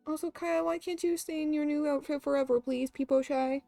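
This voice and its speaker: A woman streamer chatting casually while gaming, excitable and gushing, swearing freely. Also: high-pitched, fairly quick, hardly any pauses, faint music behind. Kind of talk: casual gameplay chat.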